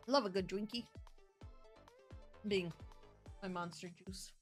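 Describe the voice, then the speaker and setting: A woman's voice: mid-range voice, takes it slowly, soft background music. A playful young woman streaming a game, chatting casually and humming along. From US West Coast. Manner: playful, bubbly, hums and voices characters. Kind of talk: casual gameplay commentary.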